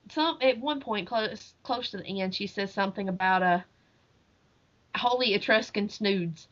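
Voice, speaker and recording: Female co-host, animated book chatter, medium pitch, dull lo-fi recording. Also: measured pace. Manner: animated retelling, laughs often. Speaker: podcast co-host. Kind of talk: casual book chat. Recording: dull lo-fi audio.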